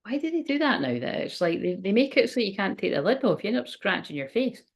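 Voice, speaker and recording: A woman hosting a casual livestream reads tarot and oracle cards, rambling chattily, often exclaiming and laughing at herself. Her husky, mid-range voice swings widely in pitch, and she speaks fast.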